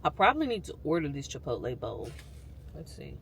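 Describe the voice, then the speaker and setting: A woman's voice: sits low, big pitch swings, fairly quick, creaky, a little hiss or hum. A woman, talking candidly and emphatically to viewers from her parked car. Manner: candid venting, frank and emphatic. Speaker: vlogger. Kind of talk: casual vlog chat.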